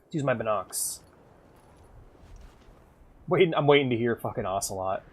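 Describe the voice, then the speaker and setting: A man streaming a video game, commentating casually and excitably, swearing often and reading game text aloud. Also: mid-range voice, normal speed, breathy edge.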